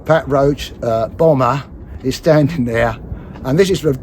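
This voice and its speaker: A man's voice: medium pitch, unhurried, darkish tone, slight background noise. A man, telling a long story in a casual, rambling way and correcting himself as he goes. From London area, England. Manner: rambling, self-correcting, chatty. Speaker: actor and musician telling a career story. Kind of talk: casual anecdote.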